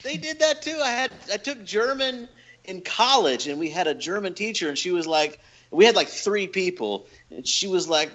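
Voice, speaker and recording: A man co-hosts a casual podcast, joking around and slipping into voices. His voice is fairly high and moves around a lot. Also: lively intonation, moderate pace, fairly bright tone. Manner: jokey, fond of doing voices. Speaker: podcast co-host. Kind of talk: casual chat.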